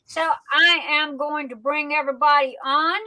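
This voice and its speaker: A woman's voice: sits high, steady tone, moderate pace, bright, forceful tone, low-quality recording. A woman hosting a livestream, chatty and affectionate in her talk. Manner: chatty, affectionate, folksy Southern phrasing. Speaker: livestream host. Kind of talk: casual livestream chat.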